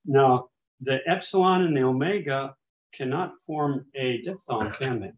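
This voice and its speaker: A man's voice: mid-range voice, unhurried, slight background noise. A man leading a small class in biblical Greek, patiently explaining and pronouncing words for students to repeat. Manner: patient, explains with fillers and restarts. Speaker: Greek teacher. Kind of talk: classroom teaching. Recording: dull lo-fi classroom recording.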